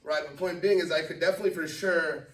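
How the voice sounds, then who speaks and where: A man's voice: a little high, steady tone, fast, a bit bright, distant mic. Man presenting in an echoey room. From Los Angeles. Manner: conversational, keeps checking in with "right?". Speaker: company CEO presenting to a business network. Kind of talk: live business presentation. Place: meeting room. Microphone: far from the mic.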